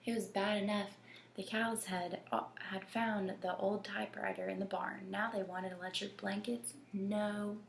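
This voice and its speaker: A woman reading a children's picture book aloud, slow and gentle, often dropping to a whisper. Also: medium pitch, level tone, creaky. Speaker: storybook reader. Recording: echoey room with faint noise.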